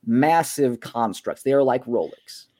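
Mellow-voiced man running a tabletop game. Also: medium pitch, animated, unhurried. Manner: casual, descriptive with many fillers. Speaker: game master.

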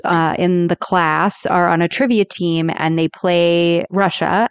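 A woman's voice: on the low side, clear, resonant tone, dry recording. A woman co-hosting a podcast, casually recapping old sitcom episodes and acting out quotes as she goes. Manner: animated retelling with acted-out quotes. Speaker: podcast co-host.

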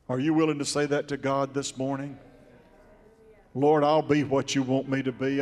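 A man preaching a sermon as pastor in a church sanctuary, with a slow cadence that now and then breaks into song. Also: mid-range voice, little pitch movement, darkish tone, long reverb tail, soft background music.

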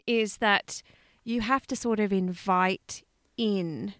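A woman with an Australian accent, co-hosting a podcast in casual, animated chat, swearing freely and laughing often. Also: medium pitch, takes it slowly, no room sound, clean studio sound. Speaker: podcast co-host.

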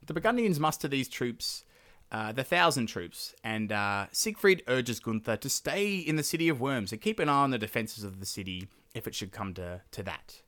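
A man hosting a solo podcast, retelling an old legend with swearing and rambling asides. His voice is bright and forward, and his pitch swings around with lively energy. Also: moderate pace. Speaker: podcast host. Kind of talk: casual comedic retelling of a legend.

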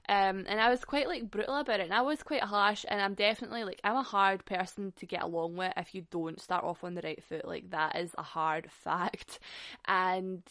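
A woman's voice: mid-range voice, normal speed, fairly bright tone, no echo, clean studio sound. A woman in her twenties telling a story in casual chat, blunt and sweary, laughing as she goes.

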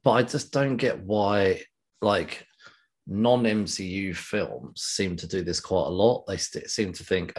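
A man's voice: deep voice, takes it slowly, husky. A tired man co-hosting a podcast, rambling casually and interrupting himself. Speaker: podcast co-host. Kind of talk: casual chat.

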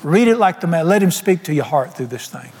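A man's voice: fairly high pitch, lively intonation, a little fast, darkish tone, breathy edge. A man preaching a sermon in a church, folksy and humorous, with plain colloquial speech. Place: church sanctuary. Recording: long hall reverb, faint music.

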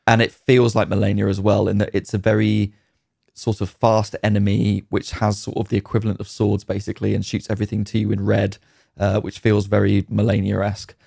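A man's voice: on the low side, monotone, fairly quick, creaky, darkish tone, husky, no echo, clean studio sound. A man co-hosting a casual podcast chat, talking in a rambling, enthusiastic way about games with frequent ums. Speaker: podcast co-host.

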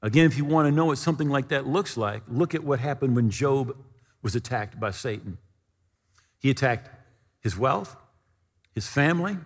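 A man preaching a sermon and telling stories, acting out the voices of the people he quotes. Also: on the high side. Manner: animated, acts out quoted voices in his stories. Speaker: pastor. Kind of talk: sermon with storytelling. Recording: long reverb of a large hall.

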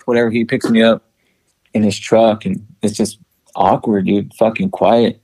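A man's voice: on the low side, normal speed, breathy edge, no echo. A man, a musician, telling a story in casual chat, swearing freely and acting out dialogue. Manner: profane, animated, acts out dialogue. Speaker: podcast co-host and musician.

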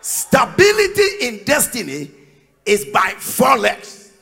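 A man preaching a sermon as pastor, emphatic and sing-song, rising to shouted peaks. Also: extremely high pitch, huge pitch swings, takes it slowly, gravelly, breathy edge. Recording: long reverb of a large hall.

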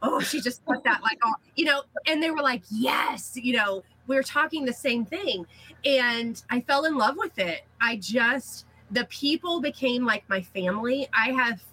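A middle-aged woman, a cookie artist, chatting as a guest and telling lively anecdotes with frequent laughs. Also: on the high side, moderate pace, slightly rough, low-quality recording. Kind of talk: casual interview storytelling.

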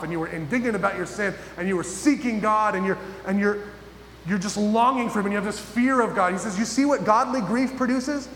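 A man preaching a sermon as pastor, emphatic and full of pauses, often asking his listeners questions. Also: high voice, fairly bright tone. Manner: emphatic, pausing, asks the audience questions. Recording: echoey hall with faint noise.

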